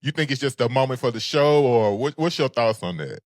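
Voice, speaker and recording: A man co-hosting a casual recap show, talking in a sassy, animated way. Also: medium pitch, fairly quick, no echo, clean studio sound. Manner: sassy, animated, sings phrases. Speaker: podcast co-host.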